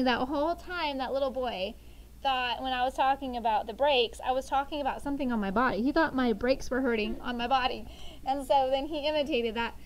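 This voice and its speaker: A middle-aged woman teaching a sixth grade class, talking lively and telling funny family stories to the students. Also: high-pitched, a little fast, a little hiss or hum, rough recording. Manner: lively, animated storytelling. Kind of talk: classroom lesson with storytelling.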